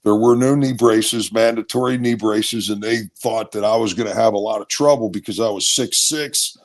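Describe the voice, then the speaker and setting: In a fairly low voice at a moderate pace, a middle-aged man from Maryland recounts stories informally. Once a college football player, he's an animated storyteller who performs other people's voices.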